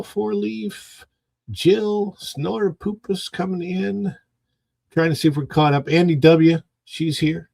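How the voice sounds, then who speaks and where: A man's voice: fairly high pitch, unhurried, vocal fry, a little mellow, no room sound. A man hosting a casual home livestream who rambles and greets chat viewers one by one. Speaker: livestream host.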